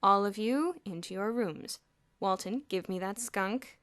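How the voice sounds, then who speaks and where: A woman voicing a stern adult headmaster who speaks quietly in a clipped, formal way. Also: medium pitch, a little slow, dry recording, natural voice.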